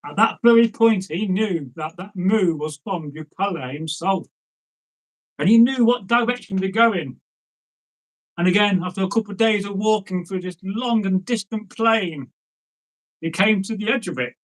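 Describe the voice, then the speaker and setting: Male folk-tale teller, fairly high voice, rambling and conversational. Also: normal speed, rough recording. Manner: chatty, rambling, frequent "you know" asides to listeners. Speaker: storyteller. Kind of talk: oral folk tale storytelling.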